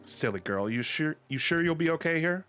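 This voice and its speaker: A man's voice: on the high side, animated, fairly quick, fairly bright tone, faint music behind, voice pushed up. Man putting on a sassy clubbing girl. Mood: gushing. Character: sassy young woman out clubbing.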